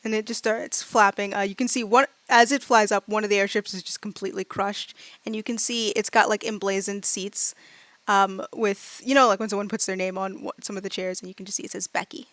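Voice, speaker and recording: A woman narrating as game master, chatting loosely with lots of fillers and acting out quick bits of her characters. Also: mid-range voice, fairly even intonation, fairly bright tone, no echo. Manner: chatty, many fillers, acts out side characters.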